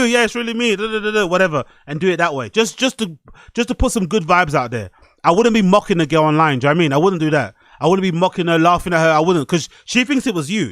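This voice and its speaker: A man's voice: fairly high pitch, fairly bright tone, no room sound. A man hosting a casual reaction podcast, rambling and swearing with frequent asides. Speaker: podcast host.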